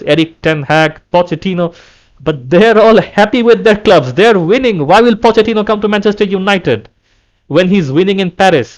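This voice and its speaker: Heated man ranting about his club. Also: a little high. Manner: heated, repetitive, restarts often. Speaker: football fan vlogger. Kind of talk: angry fan rant to camera.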